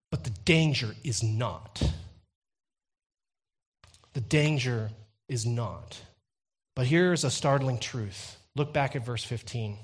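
A young man preaching a sermon, telling a personal story with a light touch and building to loud, intense emphasis. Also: mid-range voice, husky.

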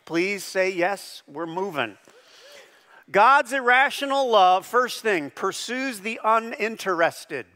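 A middle-aged man preaching a sermon as pastor, animated, with loud high bursts on the phrases he stresses. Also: slow pace. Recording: long hall reverb.

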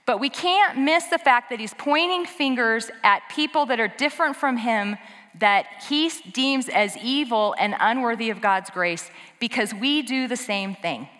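A woman preaching a lively, conversational sermon in a church sanctuary. Her voice is bright and fairly high, and she talks straight to the congregation with quick asides. Long hall reverb trails every phrase.

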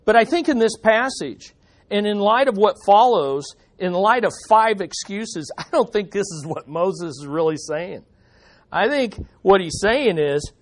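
A male pastor delivers a sermon in a high, ringing voice. He is animated, keeps putting rhetorical questions to the congregation, and speaks to a church gathering. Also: measured pace.

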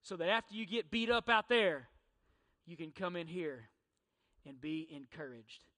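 Pastor, middle-aged man, bright and forceful, repeats lines for emphasis. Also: fairly high pitch, lively intonation, normal speed. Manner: emphatic preaching with rhetorical questions and repetition. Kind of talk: sermon. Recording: church hall reverb.

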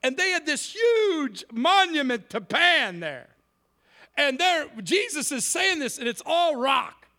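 A man preaching in a church, with an unusually high, bright voice. His pitch swings all over as he tells stories and slips into the voices of the people in them. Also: slow pace. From Cleveland inner city. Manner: lively storytelling, acts out quoted voices. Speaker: guest preacher. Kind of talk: sermon.

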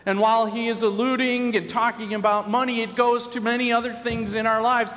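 A man preaching a sermon in an earnest, measured way, telling a story and quoting voices along the way. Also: very high-pitched, little pitch movement, a bit bright, in a large hall. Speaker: pastor.

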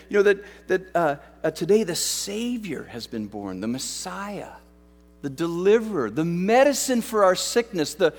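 A man's voice: sits high, long reverb tail. A man from Western Canada preaching a sermon, telling a story in a conversational way with self-deprecating humor. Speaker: pastor.

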